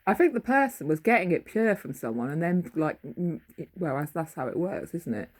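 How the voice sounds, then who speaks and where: A woman's voice: low voice, big pitch swings, fairly quick, a little mellow. A middle-aged woman, casually rambling through a dream she had, often losing her thread and searching for words.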